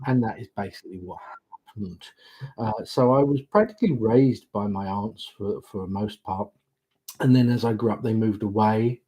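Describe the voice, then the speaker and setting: A man's voice: mid-range voice, dark tone, husky, rough recording. A man, hosting a casual live stream, chatting and rambling as he greets viewers. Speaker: livestream host, witch doing readings.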